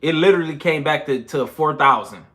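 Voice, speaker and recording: A man's voice: fairly high pitch, fairly quick. A young man in a casual trading livestream, talking loose and slangy, out of breath after push-ups. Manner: loose, slangy and animated, counting push-ups between chart talk. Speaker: trading channel host.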